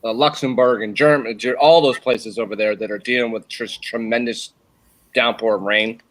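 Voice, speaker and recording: A man's voice: medium pitch, steady tone, normal speed, rough recording. A man chatting casually in a group video call, earnest and a bit hesitant, searching for words.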